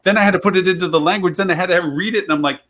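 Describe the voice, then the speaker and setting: A man's voice: sits high, a bit bright. Chatty rambling male show host. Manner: chatty, rambling, quick to laugh. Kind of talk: casual live-show chat.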